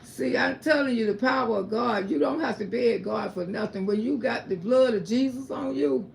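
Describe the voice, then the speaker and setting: A woman's voice: fairly high pitch, moderate pace, vocal fry, slight background noise. A woman giving an emphatic, repetitive religious testimony on a livestream. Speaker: livestream host.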